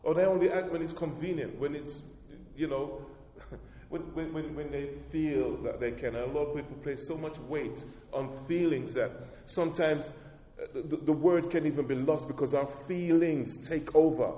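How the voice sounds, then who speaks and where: A man's voice: fairly high pitch, moderate pace, hardly any pauses, warm tone. Man preaching in an echoey hall. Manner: emphatic preaching with call-and-response; repeats words and restarts phrases. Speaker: pastor. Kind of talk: sermon. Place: church hall. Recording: echoey hall with long reverb.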